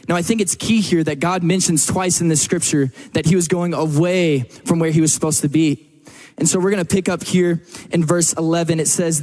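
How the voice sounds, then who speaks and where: A man's voice: fairly high pitch, normal speed, darkish tone. Upbeat man preaching. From Texas. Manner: casual, joking storyteller. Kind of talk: sermon. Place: church service.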